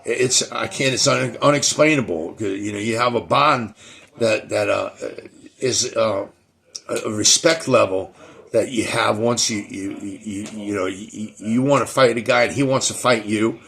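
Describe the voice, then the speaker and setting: A man's voice: on the low side, unhurried, vocal fry, fairly bright tone. A middle-aged man hosting his own show, talking casually in a rambling way, with many restarts and repeated words. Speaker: show host. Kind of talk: casual monologue.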